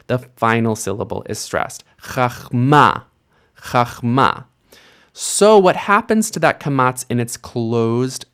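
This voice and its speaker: Slow, patient male Hebrew teacher. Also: mid-range voice. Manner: patient, repeats each word slowly for the learner. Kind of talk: slow, careful language lesson.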